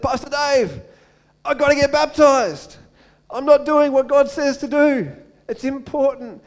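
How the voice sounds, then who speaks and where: This young adult man is a pastor preaching a sermon in a high voice. He's earnest, swinging between loud, urgent build-ups and slow, soft appeals.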